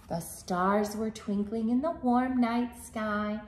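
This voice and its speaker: A woman reading a picture book aloud to children as librarian, animated and singsong, asking them questions, in an echoey room. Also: a little high, takes it slowly, hardly any pauses, slight background noise.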